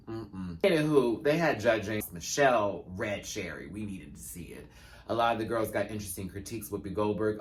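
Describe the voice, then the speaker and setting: A man hosting his own review channel, talking in a sassy, expressive way full of drag slang and phrasing, in a casual rant. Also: on the low side. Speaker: YouTube reviewer. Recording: faint background noise.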